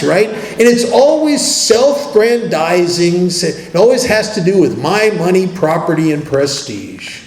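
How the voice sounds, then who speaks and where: A man giving a twelve-step workshop talk, telling stories in a wry, joking, conversational way and dropping to a hush for emphasis. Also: on the high side. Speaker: recovery workshop speaker. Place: meeting hall. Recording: roomy hall with faint noise.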